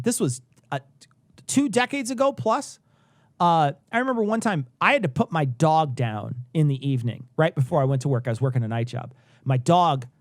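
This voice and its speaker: A man's voice: a little high, no echo, studio quality. An American man in his forties co-hosting a podcast, telling stories in casual chat and swearing freely. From United States. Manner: swearing, animated storytelling. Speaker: podcast co-host.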